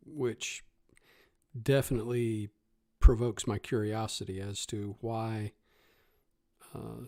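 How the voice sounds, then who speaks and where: A man's voice: fairly low pitch, a little mellow, dry recording, clean studio sound. A man playing a tabletop game, speaking hesitantly with many fillers. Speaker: player. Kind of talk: tabletop role-play.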